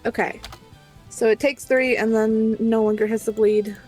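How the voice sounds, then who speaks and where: A woman joins a tabletop game as a player, chatting casually, bluntly and with plenty of swearing. Her voice sits a little high, and soft music hums faintly in the background. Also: level tone, normal speed, poor audio.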